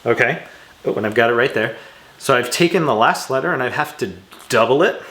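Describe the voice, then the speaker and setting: A man's voice: medium pitch, animated, a little fast, fairly bright tone. Casual man teaching grammar, roomy echo. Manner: casual, self-mocking asides while drawing on screen. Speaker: English teacher. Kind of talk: recorded grammar lesson. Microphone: external shotgun microphone.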